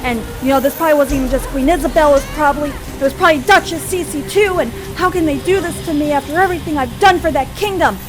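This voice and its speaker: A woman's voice: high voice, fast talker, hardly any pauses, pitched above the performer's own voice, close to an everyday voice. A woman voicing a vengeful noble mother in a life-sim story, ranting in outrage.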